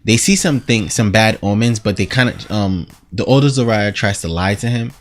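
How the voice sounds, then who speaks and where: Guy rambling thru a tv episode recap, animated, kinda low voice. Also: brisk. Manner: animated, rambling, acts out quotes. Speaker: show reviewer.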